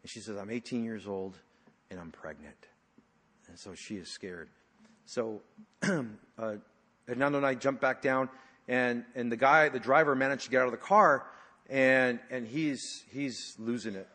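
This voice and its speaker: A pastor preaching a sermon in a church, telling stories in a conversational way with fillers and sometimes dropping to a hushed voice. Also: male voice, medium pitch, a little slow. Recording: long reverb of a large hall.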